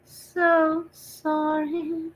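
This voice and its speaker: A woman's voice: completely flat delivery, full character voice. A woman putting on a mournful wailing ghost. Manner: slow, drawn-out, high and breathy wailing.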